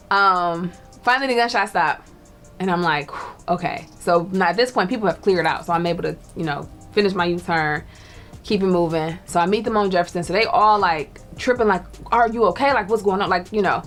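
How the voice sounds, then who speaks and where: A woman's voice: mid-range voice, a bit bright. A young woman telling a story in casual chat, laughing and acting out the voices of people she quotes. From Detroit. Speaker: guest storyteller.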